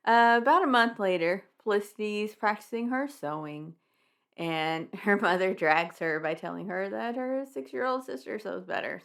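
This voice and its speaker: A woman's voice: medium pitch, unhurried, vocal fry, fairly bright tone. A young woman co-hosting a podcast, casually recapping a children's book with wry, laughing asides and casual swearing. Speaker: podcast co-host.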